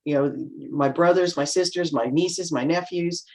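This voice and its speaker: Her voice sits low and is slightly mellow, at a normal speed. As a guest on a casual video-call panel, the middle-aged woman is chatty and anecdotal, acting out little bits of quoted speech.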